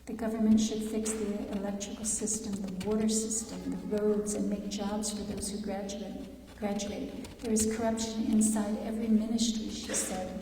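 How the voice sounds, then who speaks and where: A woman giving an earnest, measured public talk, pausing and restarting as she tells what people said to her. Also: medium pitch, flat delivery, background noise. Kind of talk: reflective public talk reading quotes. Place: large chapel. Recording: echoey chapel from far off.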